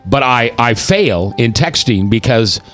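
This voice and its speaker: Male talk radio host, 50s, animated and preachy, mid pitch, faint music bed. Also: unhurried. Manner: animated and preachy, acting out quotes.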